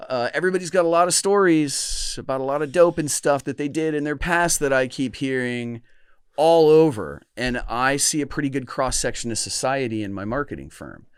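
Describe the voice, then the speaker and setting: A middle-aged man with a smooth, resonant voice, recorded close and dry. He hosts a podcast in a reflective, earnest manner. He often restarts and stumbles over his words. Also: medium pitch, a little fast, no room sound. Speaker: podcast host. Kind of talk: casual chat.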